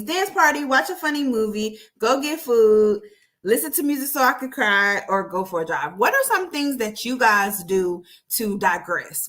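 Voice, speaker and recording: A woman's voice: fairly high pitch, a bit bright. A woman talks through a casual solo podcast episode in an easygoing, chatty way. She addresses her listeners directly and laughs often as she goes. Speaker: podcast host.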